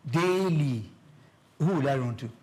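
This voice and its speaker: A man with a Nigerian accent, a guest telling an animated story and acting out the people in it. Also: unhurried. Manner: acts out quoted exchanges, shifting pitch for each person.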